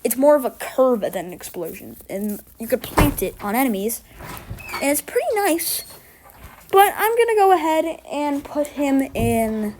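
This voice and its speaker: A woman with a fairly high voice talks through a tier list of game characters in a loose, rambling way, often correcting herself mid-sentence. She sounds slightly sick and short of breath. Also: a little mellow. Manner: rambling, chatty, self-correcting. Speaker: gamer ranking characters. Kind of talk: casual tier-list commentary.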